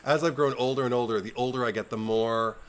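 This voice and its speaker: Animated man acting out film lines. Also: mid-range voice, quick pace. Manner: animated, acts out film lines in exaggerated voices. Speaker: podcast co-host. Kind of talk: casual chat.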